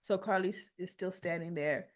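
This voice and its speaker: A woman's voice: lowish voice, normal speed. A woman retelling a soap opera episode in a chatty, casual way, often adding "you know" and "right?".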